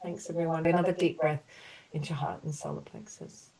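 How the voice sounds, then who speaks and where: A woman leading an online group healing session, slowly offering soothing apologies and then explaining in a loose, chatty way. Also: low voice, very animated, dark tone, recorded from a distance, rough recording. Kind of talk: guided emotional healing session.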